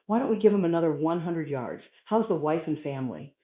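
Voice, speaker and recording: A man voicing two male cheetahs who chat in a low, relaxed, offhand way before a hunt. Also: a little fast, close to an everyday voice. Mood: laid-back. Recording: tinny, roomy live recording.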